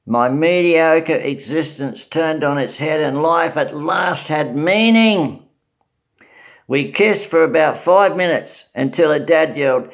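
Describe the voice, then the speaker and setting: A man in his eighties with an Australian accent, reading his own memoir aloud in a slow, wry storytelling way. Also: on the high side, gravelly. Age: 80s.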